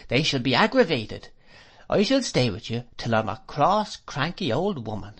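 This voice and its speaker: A man voicing a devoted, homely middle-aged nursemaid, speaking fondly and emphatically at a slow pace, as a character in a classic audiobook. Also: medium pitch, a bit bright.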